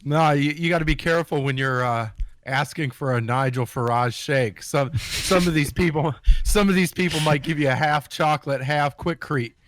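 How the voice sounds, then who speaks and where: A man co-hosting a radio talk show, cracking jokes with halting restarts. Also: fairly high pitch, a bit bright, no echo. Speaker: radio co-host. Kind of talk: casual radio chat.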